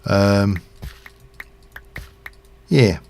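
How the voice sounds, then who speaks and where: While playing a game on stream, this middle-aged man keeps up rambling casual talk peppered with fillers and chuckles. He draws out his words in a lowish, creaky voice with a darkish tone.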